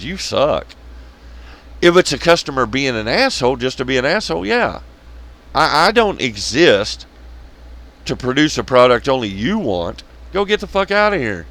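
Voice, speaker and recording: A wrestling commentary vlogger delivers blunt, sarcastic, profane remarks on a rant vlog, laughing at his own jokes. His voice is medium-pitched and a bit bright.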